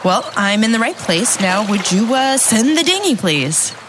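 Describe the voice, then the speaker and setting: A woman's voice: a little high, very animated, moderate pace, noisy background. A woman with a Midwestern accent voicing a frustrated police constable in a comedy sketch. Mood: exasperated. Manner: pleading and exasperated.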